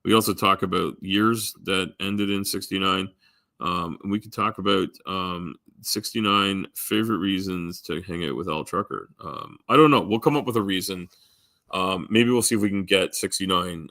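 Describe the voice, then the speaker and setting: A man's voice: low-pitched, pushed and bright, no room sound, studio quality. A man rambling casually to his live stream chat, full of ums, restarts and offhand swearing.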